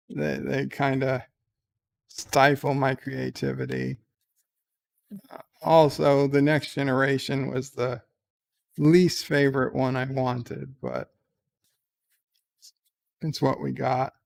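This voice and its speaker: A man's voice: mid-range voice, creaky. A man chatting casually as the streamer, rambling and hesitant with many fillers. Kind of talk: casual chat.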